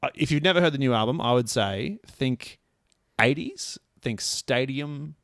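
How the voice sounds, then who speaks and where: A man's voice: mid-range voice, lively intonation, measured pace, fairly bright tone, dry recording, studio quality. A man co-hosting a casual music podcast, joking and rambling with self-deprecating asides. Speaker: podcast co-host. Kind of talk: casual chat.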